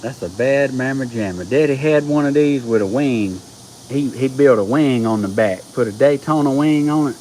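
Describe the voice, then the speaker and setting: A man, chatting casually with viewers on a live stream, folksy and excitable. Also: medium pitch, normal speed, a little hiss or hum, rough recording. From Georgia, US. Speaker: livestream host.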